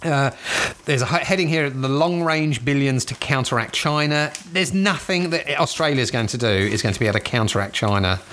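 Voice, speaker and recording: A man's voice: mid-range voice, expressive, fairly quick, a bit bright. Casual southeast london guy, middle aged, sweary, dismissive, reading out the news and brushing it off. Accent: southeast London English. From England. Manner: profane, ranting, dismissive. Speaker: commentator. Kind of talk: casual newspaper read-through commentary.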